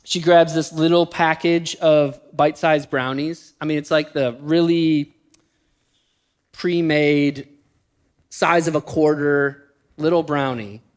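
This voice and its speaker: A pastor preaches to his congregation. He is a middle-aged man with a rather high voice. He moves between quick storytelling bursts and slow, weighty phrases. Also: steady tone. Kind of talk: sermon.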